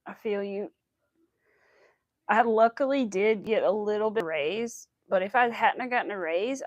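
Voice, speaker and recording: A woman's voice: a little high, no echo. Young woman, crochet stream host, loose chatty delivery, dry close sound. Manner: chatty, rambling, animated retelling with quoted asides. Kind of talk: casual chat while crocheting.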